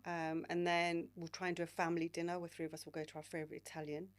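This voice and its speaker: A woman's voice: on the low side, flat delivery, racing. A woman, a podcast guest who talks candidly, swears freely and calls people babe and mate. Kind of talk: casual podcast interview.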